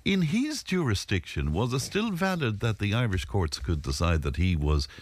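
A man's voice: fairly low pitch, sing-song, moderate pace. A man hosting an interview, dropping brief interjections and curious questions. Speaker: interviewer host. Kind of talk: radio-style interview.

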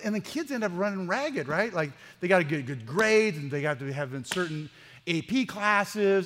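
High, bright-voiced man preaching with stories. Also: in a large hall. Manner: animated, acts out dialogue in the stories. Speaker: pastor. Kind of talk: humorous sermon storytelling. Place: church.

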